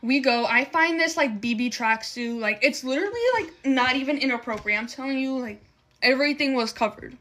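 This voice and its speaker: A woman's voice: sits high, fairly quick, bright, forceful tone. A young adult woman telling a personal story in a casual, emotional way while doing her makeup, swearing a lot and filling with "like". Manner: emotional, heavy swearing and filler "like".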